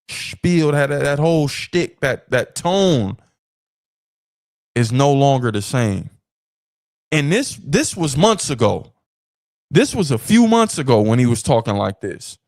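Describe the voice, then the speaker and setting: A man hosting a podcast, giving opinionated commentary in an animated way, repeating phrases for emphasis and laughing between points. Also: medium pitch, takes it slowly, long pauses, no room sound, clean studio sound. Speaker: podcast host.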